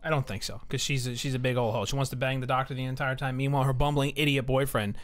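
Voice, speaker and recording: A man's voice: mid-range voice, little pitch movement, quick pace. A man streaming a game, chatting casually in a profane, ranting way. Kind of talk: casual chat while gaming.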